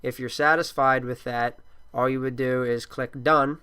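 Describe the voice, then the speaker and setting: A male teacher walking through a software tool in a screen-recorded tutorial, with a plain, steady instructional delivery and the occasional filler. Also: mid-range voice, measured pace, clean tone. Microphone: computer microphone.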